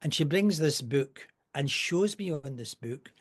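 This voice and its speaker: A man's voice: a little high, lively intonation, a little slow, hardly any pauses. An older man, a podcast guest telling rambling, wry anecdotes with asides. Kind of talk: casual storytelling.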